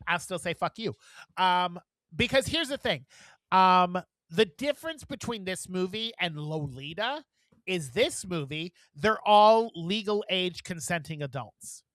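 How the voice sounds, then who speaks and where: A man co-hosting a podcast, chatting casually in a blunt, profane, animated way. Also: sits high, unhurried, no room sound. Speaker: podcast co-host. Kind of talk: casual chat.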